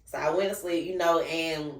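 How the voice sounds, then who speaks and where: A woman hosting a podcast, chatting casually and telling a personal story in an animated way, acting out the voices of the people she quotes. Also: low-pitched, moderate pace, soft background music. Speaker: podcast host. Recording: roomy echo, mic at a distance.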